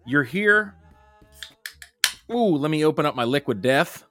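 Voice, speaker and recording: A man's voice: fairly high pitch, expressive, fast talker, music in the background. A man hosting a casual podcast from home, loose and jokey, saying "dude" all the time. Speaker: podcast host.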